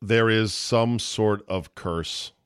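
A middle-aged man with a lowish voice hosts a loose sports podcast, cracking jokes and cursing without a second thought. The sound is close and dry, with no room around him. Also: takes it slowly, fairly bright tone, smooth, no echo. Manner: blunt, wisecracking, swears freely. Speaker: podcast host. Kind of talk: casual sports talk.

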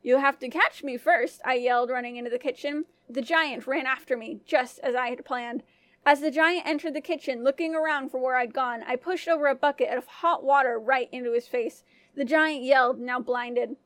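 High-voiced woman narrating a folk tale. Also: normal speed, fairly bright tone, dry recording. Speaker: storyteller. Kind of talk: scripted first-person folk tale narration.

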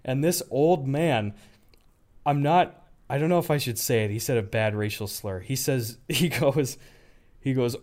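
A man's voice: mid-range voice, measured pace, a little mellow. A man co-hosting a casual podcast, telling stories animatedly, acting out quotes and swearing freely. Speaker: podcast co-host.

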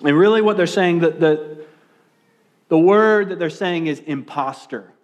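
Male pastor, young adult, sermon delivery, animated, loud emphasis dropping to hushed asides, voice sits a bit high. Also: normal speed.

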